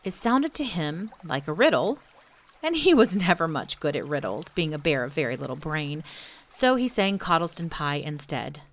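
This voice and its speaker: A woman hosting a children's story podcast, reading a book aloud gently and enthusiastically. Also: deep voice, big pitch swings, moderate pace. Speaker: storybook reader and podcast host.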